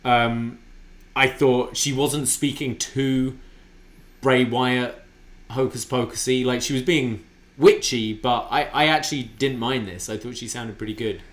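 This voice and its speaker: A man's voice: mid-range voice, steady tone, a little slow. A man co-hosting a casual wrestling review podcast, talking with enthusiasm and often restarting his sentences. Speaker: podcast co-host.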